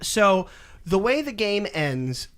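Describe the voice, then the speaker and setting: Young man, podcast co-host, casual chat, animated, acts out lines, fairly high voice. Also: slow. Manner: animated, acts out characters' lines while retelling a game.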